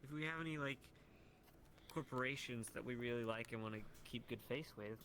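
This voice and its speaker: A man's voice: mid-range voice, brisk, a bit bright, slight background noise. A man in a casual roleplay chat, talking eagerly and playfully.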